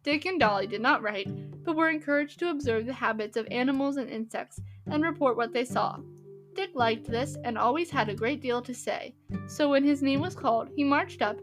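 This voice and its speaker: A woman narrating a classic storybook in a gentle, even reading manner. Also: sits high. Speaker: audiobook narrator.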